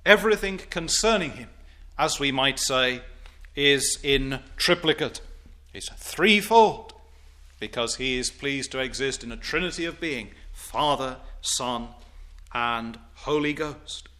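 A man preaching a sermon, deliberate and emphatic, with formal, old-fashioned wording and rising declamation on scripture quotes. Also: mid-range voice, expressive, sharp tone.

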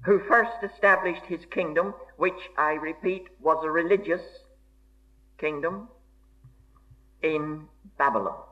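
Preacher, male, fairly high voice, measured and emphatic delivery, dull old recording. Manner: slow, deliberate and emphatic, old-fashioned formal diction. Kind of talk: sermon.

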